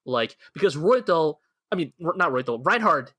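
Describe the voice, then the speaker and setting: A man with a fairly high voice co-hosts a casual podcast chat, rambling and leaning on "like" as he builds playful, modern comparisons. His voice sounds dry and close, with no room echo. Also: very animated, moderate pace, bright, forceful tone. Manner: rambling, filler-heavy, spins playful modern analogies. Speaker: podcast co-host.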